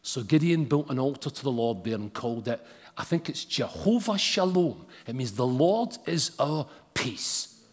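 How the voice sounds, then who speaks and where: A man's voice: mid-range voice, very animated, moderate pace, husky. A man preaching a sermon and reading scripture aloud, with casual asides to the congregation. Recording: long hall reverb.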